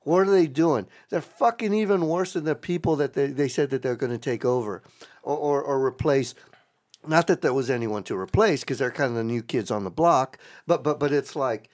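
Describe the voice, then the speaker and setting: A man telling stories in a casual interview, blunt and profane, often stammering and repeating words. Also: on the high side. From Louisiana. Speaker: interview guest.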